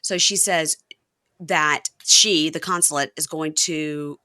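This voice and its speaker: A woman's voice: sits low, slow pace, no echo, studio quality. A woman hosting a podcast, recapping a show in casual chat and acting out the quotes. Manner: animated retelling, acts out the quotes. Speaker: podcast host.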